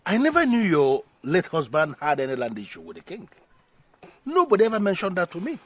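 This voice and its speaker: An earnest royal adviser. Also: male voice, sits high, wildly swooping pitch, brisk, fairly bright tone, exaggerated voice. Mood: puzzled. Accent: Nigerian. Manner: earnest, pleading, exclamatory. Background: faint music.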